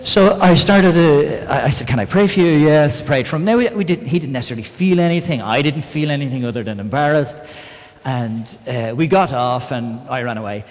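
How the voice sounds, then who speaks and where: A man's voice: mid-range voice, moderate pace. A man preaching a sermon in a conversational way, often asking the congregation questions. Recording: long reverb in a church hall.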